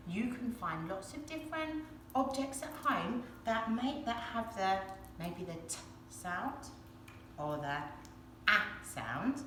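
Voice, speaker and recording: English female teacher for a phonics video: wildly animated pitch, slow careful delivery, faint room hum. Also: echoey room. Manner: sing-song, animated, encouraging. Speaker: early years teacher. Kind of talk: phonics lesson for young children.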